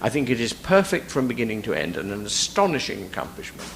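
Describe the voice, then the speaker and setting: A man critic giving an analytical lecture in a hall. He pauses with frequent fillers and recites lines of verse aloud. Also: medium pitch, big pitch swings, gravelly, slight background noise. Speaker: literary critic giving a talk.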